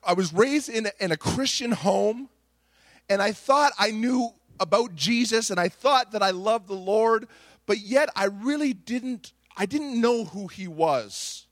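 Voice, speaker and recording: With no room sound around him, a middle-aged pastor delivers a fervent Pentecostal sermon in a high-pitched, fairly bright voice. He circles back on words and starts phrases over while recounting a story.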